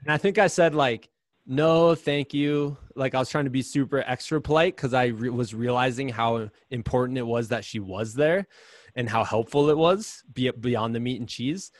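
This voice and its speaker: Man guest, chatty storyteller, dry close sound, mid pitch. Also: moderate pace, dry recording. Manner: chatty, animated, lots of "like". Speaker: podcast guest, runner. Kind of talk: casual storytelling.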